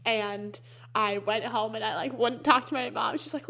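A woman's voice: fairly high pitch, sing-song, moderate pace, a bit bright. A young adult woman telling a story in casual chat, with many fillers and frequent laughs. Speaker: interviewee.

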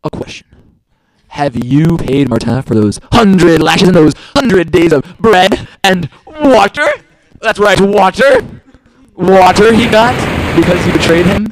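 A man's voice: high voice, animated, measured pace, poor audio. An actor playing a vengeful male convict with a knife, taunting with mocking laughs in 1940s radio acting style.

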